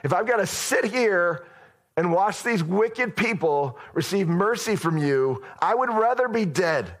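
A man voicing an angry, petulant prophet who rants and rises to shouting during a sermon. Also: sits high, expressive, a little slow, pitched above the performer's own voice, heavily acted. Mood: furious whining. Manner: ranting, rising to shouting. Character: furious sulking grown man prophet, petulant.

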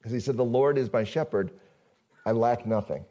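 Mellow-voiced male pastor preaching. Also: mid-range voice, normal speed. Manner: conversational, asks the congregation questions. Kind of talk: sermon.

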